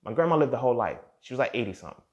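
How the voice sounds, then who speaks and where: A man's voice: mid-range voice, very animated, very fast, muffled recording. A man hosting a show and telling a personal story in a casual, profane way, often speaking straight to the listener. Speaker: host.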